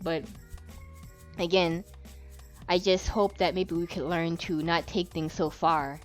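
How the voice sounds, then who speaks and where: A woman's voice: on the low side, fairly even intonation, slow pace, faint music behind. A woman giving an unscripted, emotional vlog monologue. She rambles, swears a lot and speaks with passion.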